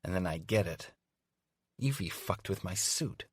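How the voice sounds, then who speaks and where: A man's voice: sits low, lively intonation, unhurried, slightly rough, no echo, clean studio sound. A man narrating a first-person romance audiobook in a wry, conversational storytelling manner. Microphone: studio microphone.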